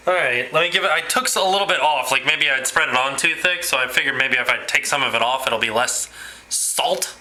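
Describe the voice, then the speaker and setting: A man talking in a rambling, animated way in a casual home video blog, quick to laugh. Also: medium pitch, rough recording. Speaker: vlogger. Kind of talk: casual vlog chat.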